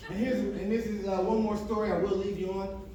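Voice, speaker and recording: On a comedy club stage, a brash, profane male comic works through a stand-up set, storytelling and tossing asides to the crowd. His voice sits high, captured from a distance in an echoey, noisy club.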